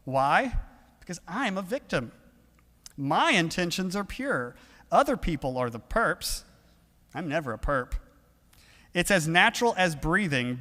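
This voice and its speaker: Earnest preacher in an echoing church. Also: male voice, on the high side, sing-song, unhurried, long pauses, sharp tone. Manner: earnest and conversational, with restarts and filler words. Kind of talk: evening sermon. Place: church sanctuary. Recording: long reverb of a church hall.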